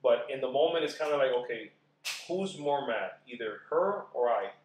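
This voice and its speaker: A man chatting as a podcast guest about marriage, animated and acting out quoted voices as he talks. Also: mid-range voice, normal speed, reverberant, a little hiss or hum, low-quality recording. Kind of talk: casual podcast chat.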